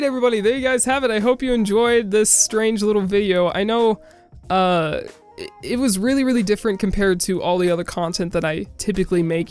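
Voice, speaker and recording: A young man chatting casually to his viewers as a gaming creator, self-deprecating and quick to laugh at himself. His voice sits rather high for a man. Faint music runs underneath. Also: clear, resonant tone. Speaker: gaming YouTuber. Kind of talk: casual vlog to camera.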